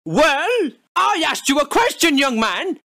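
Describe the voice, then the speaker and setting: An angry strict father scolds his son in a snapping, indignant tone, as a man puts him on. The voice sits very high and swings widely. The sound is bright and dry. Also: very animated, slow pace, no room sound, heavily acted. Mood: scolding.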